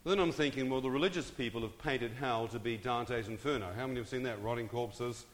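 A man's voice: mid-range voice, brisk. A man giving a storytelling testimony to a live audience, drawing them in with questions and jokes. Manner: engages the crowd with questions and jokes. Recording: hall with long reverb.

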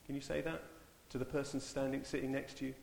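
A man leading a church service in an informal, halting way, often repeating his words. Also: mid-range voice, little pitch movement, creaky, noisy background. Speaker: church leader. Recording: echoey church hall, far mic.

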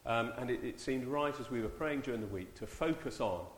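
A man leading a church service in an informal, halting way, often repeating his words. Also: mid-range voice, slight background noise. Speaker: church leader. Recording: echoey church hall, far mic.

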